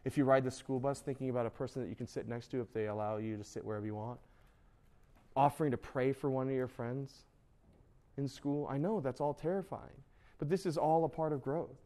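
A man in his thirties gives a youth sermon in a conversational, animated way. He talks to the teens directly, stops to ask "right?", and sometimes lifts his voice to act out what they would say. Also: mid-range voice, fairly quick. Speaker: youth pastor.

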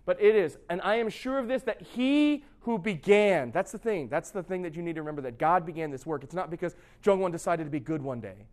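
A middle-aged pastor giving a sermon in a conversational way, often asking his listeners questions. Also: high-pitched. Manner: conversational, asks the audience questions.

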